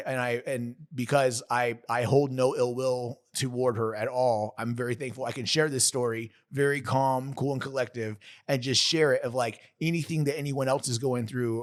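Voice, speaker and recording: A man in his thirties, sharing a painful personal story on a podcast in an earnest, halting way, often stopping to restart or correct himself. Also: medium pitch, fairly even intonation. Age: 30s.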